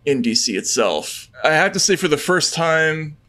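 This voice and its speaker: A man's voice: fairly high pitch, expressive, normal speed, fairly bright tone. A man co-hosting a political talk podcast, speaking earnestly and worriedly, with frequent restarts and stammered repeats. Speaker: podcast co-host. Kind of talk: casual political chat.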